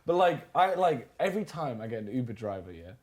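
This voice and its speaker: A man's voice: mid-range voice, very animated, brisk, a little mellow. A man hosting a casual chat, telling a rambling story and swearing casually. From England. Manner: rambling, swears casually, laughs at own stories.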